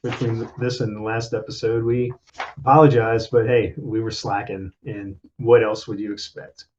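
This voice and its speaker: A man's voice: lowish voice, flat delivery, moderate pace, a little mellow, lo-fi sound, a little hiss or hum. A middle-aged man co-hosting a podcast in casual chat, who chimes in with wry, joking comebacks. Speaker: podcast co-host.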